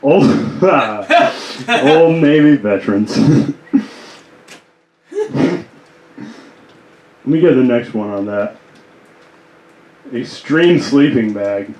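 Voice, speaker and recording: A man working through an improvised stand-up set at a slow, halting pace, laughing at his own jokes. His voice sits mid-range. The room is echoey around him. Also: mid-range voice, very animated, a little mellow. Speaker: stand-up comic. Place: small comedy club stage. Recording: roomy club.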